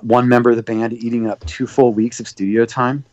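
A man's voice: medium pitch, flat delivery, a little fast, darkish tone, no room sound. A man guesting on an interview show, telling long rambling stories full of fillers and acting out quoted dialogue. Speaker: guest, record producer. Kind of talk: casual interview storytelling. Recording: dull lo-fi dry sound.

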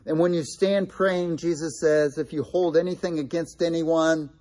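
A man's voice: fairly high pitch, fairly even intonation, normal speed, darkish tone. A man preaching a sermon, earnest and emphatic, repeating key phrases to drive them home. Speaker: pastor.

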